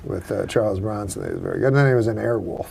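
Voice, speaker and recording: A man hosting a casual chat, talking in a dry, deadpan way and chuckling often. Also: on the low side, rapid-fire, gravelly, slightly rough. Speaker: host.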